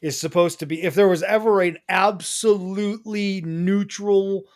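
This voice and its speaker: Man, slightly high voice, joking co-host who leans on words. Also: fairly even intonation, normal speed. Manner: playful, jokes and stretches out words for emphasis. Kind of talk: casual podcast chat.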